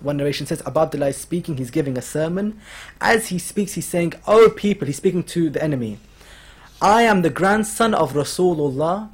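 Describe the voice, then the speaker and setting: A man's voice, on the high side with a breathy edge, sounds animated and fairly quick. He is a religious speaker giving a mourning sermon in a lecture hall, narrating a story and voicing its figures as his delivery grows more emotional.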